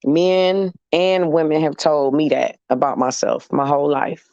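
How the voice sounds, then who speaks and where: A man's voice: on the high side, unhurried, a little mellow, no echo. A man talking casually to camera in an emphatic, sassy, repetitive way, as in a vlog monologue. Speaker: vlogger. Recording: dull, dry lo-fi recording.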